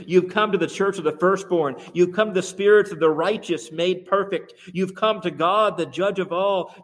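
A man preaching a sermon, lively and rhetorical, swinging between quiet asides and emphatic exclamations. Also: high voice. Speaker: pastor.

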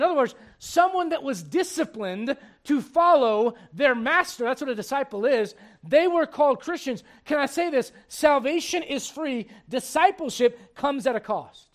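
A man preaching a sermon, shifting between quick asides, mimicked voices of churchgoers, and low, slow scripture reading.

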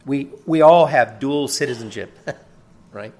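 A pastor delivers a sermon in a slow, mid-range, slightly mellow voice. He is earnest and emphatic, his emphasis rising as he repeats words to build a point, with the occasional chuckle.

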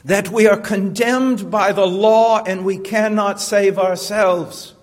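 A man preaches a sermon with a fairly high voice. He swings from hushed tones to loud, fervent ones and keeps asking his listeners questions. His voice rings through a hall with a long reverb. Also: fairly even intonation, slow.

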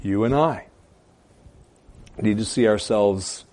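A man preaching a sermon as pastor, with emphatic stresses, quiet asides and hesitant fillers between phrases. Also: on the low side, takes it slowly.

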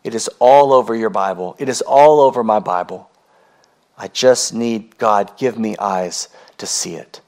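A man preaching a sermon as pastor, earnest and emphatic, repeating key phrases and swinging between slow, drawn-out words and quick runs. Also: on the low side, a little mellow.

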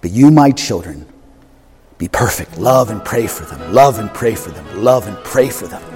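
A man voicing God as a patient, loving father, speaking low, hushed and solemn. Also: a little slow, soft background music, natural voice. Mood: tender. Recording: long hall reverb.

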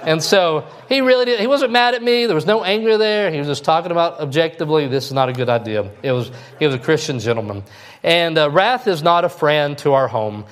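A man's voice: fairly high pitch, animated, brisk. A man preaching a sermon as pastor, in a folksy, conversational way that keeps checking in with his listeners. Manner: folksy, conversational preaching with frequent "all right?" check-ins.

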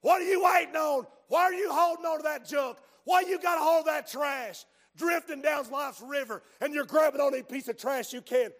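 Male preacher, very high voice, hushed stories breaking into shouting, long hall reverb. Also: brisk, few pauses. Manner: swings from hushed storytelling to shouted exhortation. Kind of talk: sermon. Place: church sanctuary.

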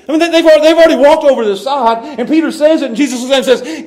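A man preaching a sermon as pastor, animated, swinging from loud to hushed and laughing often. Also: extremely high pitch, fast talker, few pauses.

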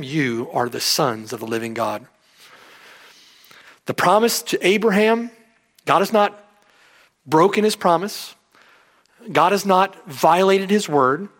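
Emphatic preacher with a lively voice. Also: male voice, a little high. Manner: emphatic, rising and falling sharply for stress. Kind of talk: sermon.

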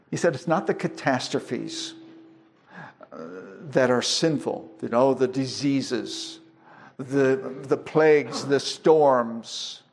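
A man's voice: medium pitch, darkish tone. A man preaching a sermon, explaining scripture with everyday illustrations and frequent restarts. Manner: slow, deliberate preaching with homely illustrations and restarts. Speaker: pastor.

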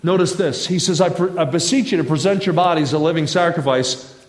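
A man's voice: a little high, fairly quick. A man preaching a sermon in a church, telling stories in a folksy, humorous way with asides to the congregation. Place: church sanctuary. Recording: echoey church room.

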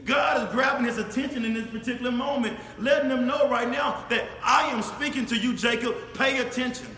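A man preaching a sermon, speaking straight to his congregation, swinging from shouted emphasis to low, quiet asides. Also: a little fast. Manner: animated, addresses congregation directly, rises to shouts then drops low. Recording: echoey hall with faint ambience.

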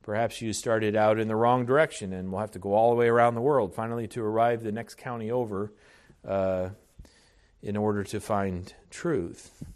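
A man preaching a sermon in an earnest, deliberate way, often restarting his phrases. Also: lowish voice, fairly even intonation, smooth.

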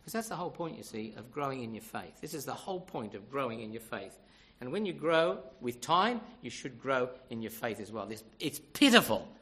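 A man's voice: mid-range voice, big pitch swings, a little fast, fairly bright tone. An older man preaching a sermon, emphatic and conversational, often asking the congregation rhetorical questions.

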